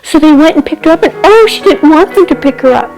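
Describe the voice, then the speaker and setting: A woman with a fairly high voice tells a children's tale, taking her time over each phrase. She often sinks into a dramatic whisper, then lifts back up to talk straight to her young listeners. Soft music plays faintly behind her. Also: animated, poor audio. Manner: slow, gentle delivery with asides to the listener. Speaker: storyteller. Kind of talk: oral storytelling for children.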